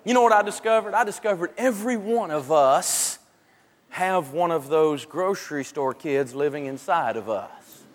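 A middle-aged man teaching finance with lively, story-driven humor. His voice is pitched high for a man. The long echo of a large hall follows him, with a faint hiss underneath. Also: normal speed, some chatter behind. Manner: animated storyteller. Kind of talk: humorous lecture to a live audience.

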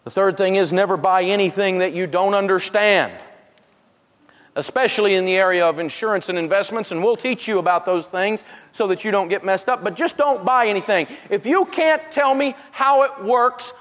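High-voiced man telling a funny story in a big hall. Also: moderate pace, fairly bright tone. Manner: storytelling, acts out everyday people, frequent stammered restarts. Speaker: seminar speaker. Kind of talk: humorous teaching talk to a live audience.

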